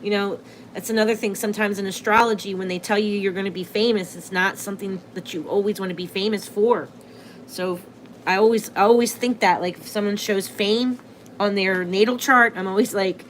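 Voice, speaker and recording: A woman chats loosely into her phone, hosting a livestream and often restarting her sentences. Her pitch sits in an ordinary middle range. A faint hiss of background noise runs under the recording. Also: normal speed, a bit bright. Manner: chatty, self-interrupting, laughs at herself. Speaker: astrology livestream host. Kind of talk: casual livestream chat.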